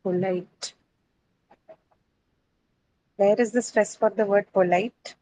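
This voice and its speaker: A woman teaches an English class about syllables and word stress, speaking in a classroom. She keeps checking in with her students with "right?" and fills pauses with "uh". Her voice sits at a middle pitch. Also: fairly even intonation, warm tone, slight background noise, low-quality recording.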